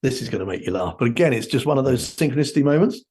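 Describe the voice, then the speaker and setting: A man's voice: medium pitch, expressive, rapid-fire, darkish tone. A man guesting on an interview show, chatting casually and telling rambling stories with many fillers. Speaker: guest musician.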